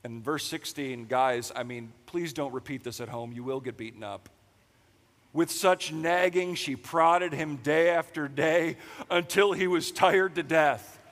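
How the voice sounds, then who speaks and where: Young male pastor, high voice, casual jokey sermon, long church-hall reverb. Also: measured pace, a bit bright. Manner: casual, jokey, heavy use of "like". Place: church sanctuary.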